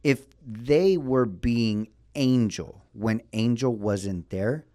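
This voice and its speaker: A man's voice: medium pitch, slow pace, few pauses, dark tone, dry recording, studio quality. A man interviewing a business owner, asking thoughtful questions and hurrying through asides.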